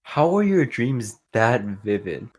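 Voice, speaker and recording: Slow laid-back guy in casual chat. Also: mid-range voice, big pitch swings, a little mellow.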